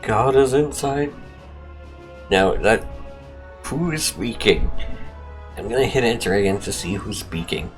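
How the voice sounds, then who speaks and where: A man narrates a text-adventure game with a comedic edge, breaking into wry, joking asides and laughs. His voice sits a little low, and quiet music plays behind him. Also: a little slow, long pauses. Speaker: gaming video host.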